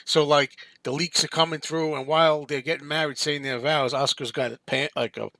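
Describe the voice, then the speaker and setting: A man's voice: fairly high pitch, steady tone, brisk, sharp tone, dry recording. A man hosting a live chat stream, talking casually and animatedly, rambling through stories with restarts.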